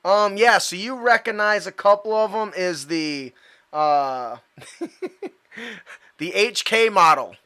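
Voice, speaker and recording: A man's voice: high-pitched, slow, pauses often, sharp tone, clean tone. A man running a tabletop superhero game as game master, talking hesitantly with many fillers. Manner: hesitant, full of fillers, laughing often.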